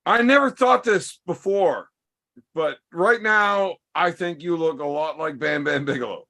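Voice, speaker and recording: A man with a bright, gravelly voice hosts a loose, casual chat. He teases his guest in a dry, deadpan manner, asking mock-serious questions. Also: fairly high pitch, unhurried. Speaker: podcast host.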